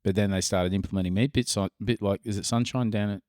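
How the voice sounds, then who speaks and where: A middle-aged man with an Australian accent chats on a podcast and tells stories with plenty of swearing. His voice sits low, and the recording is close and dry with no room sound. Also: steady tone, a little mellow, no room sound. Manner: storytelling, swears freely, drawn-out pauses. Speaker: podcast co-host. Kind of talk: casual chat.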